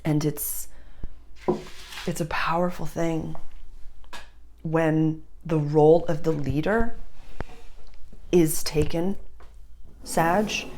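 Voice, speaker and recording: A woman talks casually through an astrology reading, addressing the listener directly. Her voice sits low and carries a gravelly fry. At times she sinks to an intimate whisper. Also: steady tone, extremely slow, pauses often, darkish tone, a little hiss or hum. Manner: chatty, speaks straight to the listener, drops to a whisper at times. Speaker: astrology reader.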